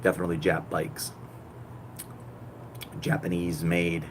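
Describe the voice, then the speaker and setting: A man in his thirties from Puerto Rico, chatting and joking with viewers on a live stream, jumping from loud outbursts to low mutters. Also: normal speed, pauses often, slight background noise. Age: 30s. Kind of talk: casual live-stream chat.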